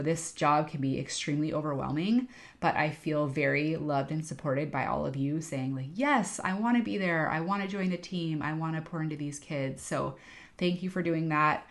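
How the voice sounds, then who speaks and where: A woman's voice: low-pitched, gravelly. A woman in her thirties, an interim church children's director, giving volunteers a candid, chatty training talk. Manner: candid, chatty, frank about herself.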